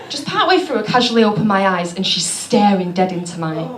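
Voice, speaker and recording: Deadpan woman comic in an echoey venue. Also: mid-range voice, a little fast, few pauses, over a noisy crowd. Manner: deadpan storytelling with self-mocking asides. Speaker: stand-up comedian. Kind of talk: stand-up comedy. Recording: echoey venue with clear background noise.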